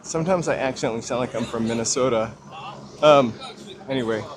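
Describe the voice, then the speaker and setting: A man talks casually to his viewers while walking outdoors, his voice sitting at an ordinary middle pitch. He rambles and makes self-deprecating asides. Street noise and passing traffic are clearly heard around him. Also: fast. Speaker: livestream host. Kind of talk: casual walking livestream chat. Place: outdoors on a busy city street. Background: street ambience and passing traffic.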